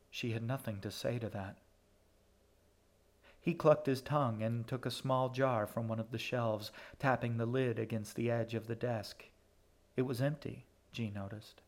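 A man narrating an audiobook in a steady, measured way. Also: mid-range voice.

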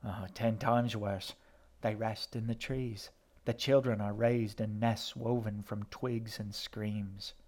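A man's voice: fairly low pitch, little pitch movement, slow, a little mellow. A man doing a sneering, cruel boy. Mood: menacing. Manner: sneering, with false cheer. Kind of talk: audiobook character voice.

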